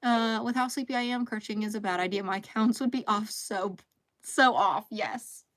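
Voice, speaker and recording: A woman's voice: medium pitch, normal speed, fairly bright tone. Chatty woman hosting a crochet stream. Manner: chatty, reads chat aloud, laughs often. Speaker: live stream host. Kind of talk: casual chat while crocheting.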